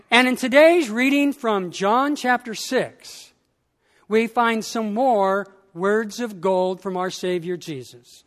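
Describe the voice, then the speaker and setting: A male pastor delivering a sermon, slow and emphatic, with dramatic pauses between phrases. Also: high voice, a bit bright, in a large hall.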